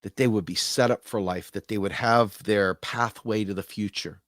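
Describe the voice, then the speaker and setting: Male host, low voice, earnest casual monologue, dry close sound. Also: moderate pace, dry recording. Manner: earnest, acts out quoted voices. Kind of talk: casual direct-to-camera talk.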